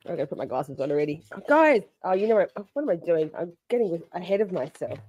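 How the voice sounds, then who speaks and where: A woman's voice: fairly low pitch, sing-song, quick pace, darkish tone, breathy edge, dry recording, highs cut off. A woman hosting a casual livestream from home, chatty and bubbly, swearing freely and greeting her viewers. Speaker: livestream host.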